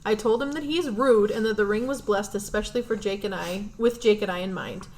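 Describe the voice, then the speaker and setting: A woman co-hosting a podcast, reading an online post aloud in a steady voice and chatting in between. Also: mid-range voice, fairly quick, a little hiss or hum, rough recording. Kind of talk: reading a story aloud with casual chat.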